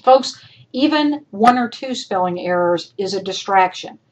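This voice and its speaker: Husky lady teacher talking straight to her class, kinda stern, leans on each point. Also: mid-range voice, animated, a little slow, rough recording. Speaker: instructor. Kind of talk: recorded class feedback. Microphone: recorded lecture voice-over.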